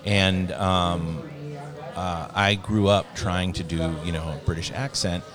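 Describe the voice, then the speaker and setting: A man co-hosting a podcast, talking in a slow, thoughtful way in casual chat. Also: low voice, steady tone, a crowd in the background. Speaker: podcast co-host.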